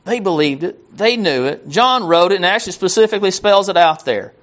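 A man's voice: high-pitched, brisk. A man preaching a sermon, rambling, repeating words and losing his place as he reads scripture. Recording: dull lo-fi sound.

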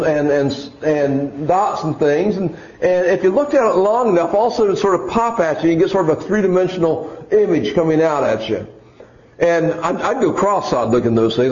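A man's voice: high voice, darkish tone. A man preaching a sermon and reading scripture aloud, earnest and often restarting his words. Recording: dull lo-fi recording.

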